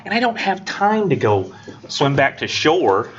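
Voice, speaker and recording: A man's voice: a little high, very animated, measured pace, a bit bright, slightly rough. Rambling man teaching class. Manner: rambling, joking, acts out students' voices. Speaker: college English instructor. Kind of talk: casual classroom lecture. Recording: dull lo-fi classroom recording.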